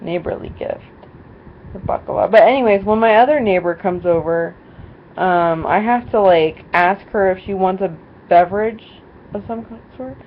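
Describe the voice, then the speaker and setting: A woman's voice: mid-range voice, moderate pace. A young woman vlogging casually, rambling through a story with lots of fillers and quoted voices. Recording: dull lo-fi sound with faint noise.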